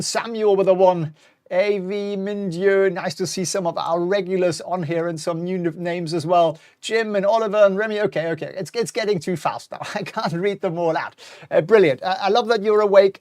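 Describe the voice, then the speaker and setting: A man's voice: high voice, a little mellow, dry recording, studio quality. A middle-aged man hosting a live-streamed stock market talk, chatty and wry, reading out viewer comments as he goes. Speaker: host.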